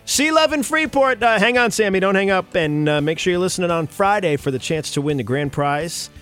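A male morning radio host in casual on-air banter, animated and enthusiastic, talking at a studio microphone. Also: a little high, a little fast, clean tone, faint music behind. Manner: animated, enthusiastic, many restarts.

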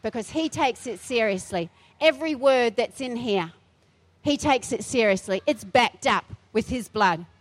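A woman's voice: a little high, animated, a little slow. A middle-aged woman pastor delivering a feisty, emphatic sermon in a church, repeating her phrases for force.

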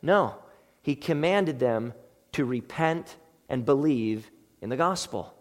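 A man's voice: medium pitch, animated, takes it slowly, long reverb tail. A man preaching a sermon in an earnest, emphatic, explanatory way. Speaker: pastor.

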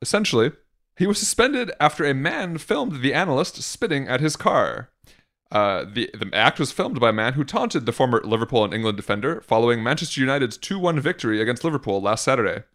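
Male podcast co-host, animated delivery, dry sarcastic commentary on news. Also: mid-range voice, fairly quick. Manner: reads news items aloud with sarcastic asides. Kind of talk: casual news chat.

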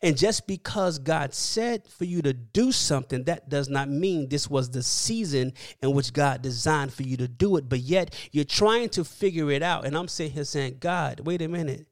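A man's voice: a little high, lively intonation, moderate pace, hardly any pauses, no echo, clean studio sound. A man who is a minister, giving a video devotional message in a testifying, preachy manner and often asking listeners if they hear him. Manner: preachy, testimonial, asks listeners "hear what I'm saying".

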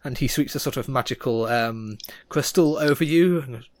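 A man's voice: mid-range voice, dry recording. Man narrating a tabletop game. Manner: relaxed, full of "uh" and "um" pauses. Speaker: game master.

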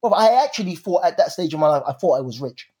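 A young man, co-hosting a podcast and telling stories in a lively, slangy way. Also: a little high, fast, a little hiss or hum. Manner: animated storyteller, slangy. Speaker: podcast co-host. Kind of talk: casual chat.

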